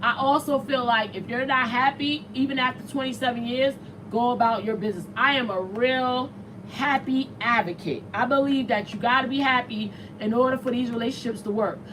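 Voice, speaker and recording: A woman hosting a morning talk show, chatting casually in slangy, animated speech and reading out viewer comments. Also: fairly high pitch, moderate pace, background noise.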